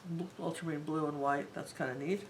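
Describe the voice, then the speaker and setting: A woman's voice: sits low, fairly even intonation, fast talker, a little hiss or hum, rough recording. A woman teaching a live painting tutorial, talking in a chatty and rambling way as she works. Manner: chatty, rambling and warmly enthusiastic. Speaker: art teacher.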